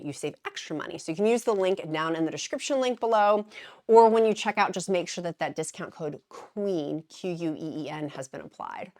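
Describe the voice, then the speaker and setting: A middle-aged woman talks casually to camera as a vlogger. Her voice sits a little low, and she is chatty and giggly. She sounds warm and encouraging throughout.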